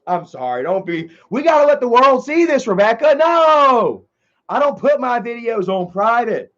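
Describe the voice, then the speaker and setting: A man's voice: extremely high pitch, sing-song, moderate pace, fairly bright tone, dull audio. A man hosting a livestream, chatting casually and reading out viewer comments in a rambling way with many filler sounds. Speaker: livestream host.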